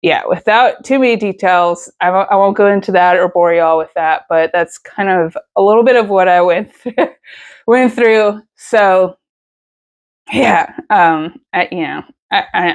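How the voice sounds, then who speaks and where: A woman, telling a personal story in a casual vlog, emotional and rambling with many fillers and restarts. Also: medium pitch. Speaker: vlogger.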